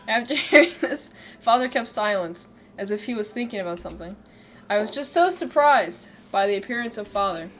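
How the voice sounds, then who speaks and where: A woman's voice: mid-range voice, animated, normal speed, fairly bright tone, slight background noise. Giggly woman reading a game aloud. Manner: giggly, chatty, self-mocking. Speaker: streamer.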